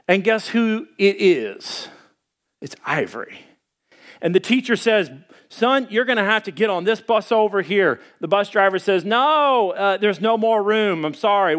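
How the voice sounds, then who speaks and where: A pastor preaching a sermon and telling a folksy personal story, acting out the voices of the people in it. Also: male voice, sits high. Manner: folksy, animated, acts out quoted voices.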